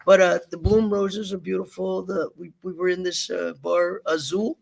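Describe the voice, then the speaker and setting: A New man with a high, gravelly voice tells stories in a loose, animated way. He is a comedian guest on a talk show and slips into other people's voices mid-story. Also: moderate pace. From Bronx, New York. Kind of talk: casual interview chat.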